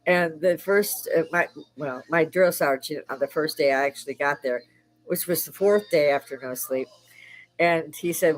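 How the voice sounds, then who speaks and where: Her voice sits low and moves at a moderate pace on a low-quality recording. She's an older Chicago woman and army veteran running a laid-back live stream chat, cursing freely and breaking into laughter between stories.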